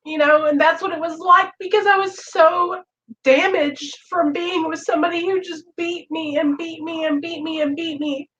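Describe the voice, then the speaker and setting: A woman hosting a recovery livestream gives a heartfelt direct-to-camera talk, emotional and earnest, repeatedly addressing her viewers. Her voice is high and fairly bright, with a steady tone and normal speed, on dull lo-fi audio.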